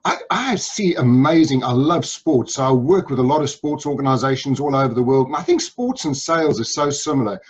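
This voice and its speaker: A man's voice: medium pitch, animated, brisk, few pauses, slightly rough. Upbeat South African man, lo-fi audio. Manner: upbeat, enthusiastic storytelling. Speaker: guest sales speaker. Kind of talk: interview.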